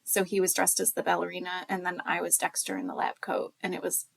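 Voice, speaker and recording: A woman co-hosting a library podcast in relaxed, rambling casual chat. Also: lowish voice, fast, gravelly, dry recording.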